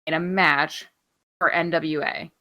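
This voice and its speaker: A woman's voice: low-pitched, steady tone, measured pace, sharp tone. A woman co-hosting a podcast, chatting casually through wrestling news in an offhand, rambling way, swearing freely and filling gaps with ums. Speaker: podcast co-host.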